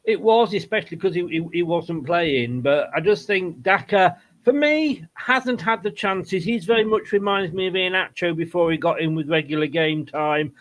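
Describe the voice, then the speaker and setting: A man with a noticeably high voice hosts a football watchalong in casual chat. He talks to his guests and breaks off to greet viewers and answer their comments. His delivery is chatty and loose. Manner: chatty, quick asides to viewers. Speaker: host.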